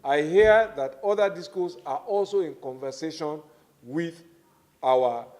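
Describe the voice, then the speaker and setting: A middle-aged government minister with a Nigerian accent speaks at a formal public hearing in a slightly high, slightly mellow voice. He lays out his points in a measured, deliberate way, stressing key words.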